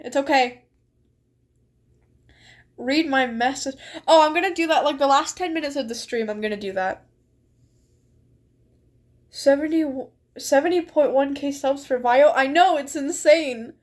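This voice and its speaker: A young woman streaming a game, chatting casually and reading story text aloud with frequent giggles. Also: high voice. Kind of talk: casual live-stream chat while gaming and reading aloud.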